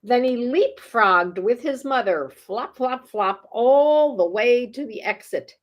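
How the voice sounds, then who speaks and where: A woman with a higher voice reads expressively and slowly, though the audio sounds dull. During storytime she reads a picture book to young children, chuckling playfully and often asking them questions.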